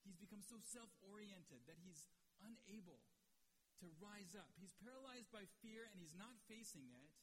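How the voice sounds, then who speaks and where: A man preaching a sermon as pastor, emotional, swinging from loud urging to near-hushed passages. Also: sits high, lively intonation, moderate pace. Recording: long reverb, faint hiss.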